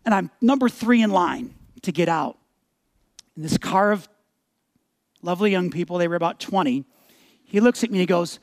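A man in his forties preaches with a fairly high, lively voice, telling candid stories about himself. He slows into a gentle prayerful tone. The sound is dry, with little room echo. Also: creaky. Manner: animated, candid storyteller, shifting to a slower, prayerful tone. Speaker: pastor. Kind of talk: sermon with personal storytelling and closing prayer.

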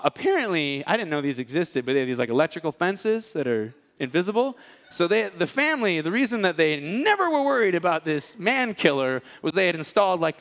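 Male preacher, slightly high voice, swinging wildly in pitch, storytelling sermon with jokey asides. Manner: animated, acts out characters' lines; casual, joking asides.

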